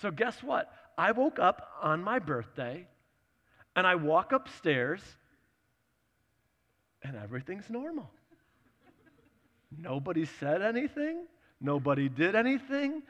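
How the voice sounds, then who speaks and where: A man in his thirties preaches through a personal story, chatty and animated, acting out each bit of dialogue. His voice sits a little high and sounds bright and forceful. A long hall reverb trails every phrase. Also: slow, long pauses.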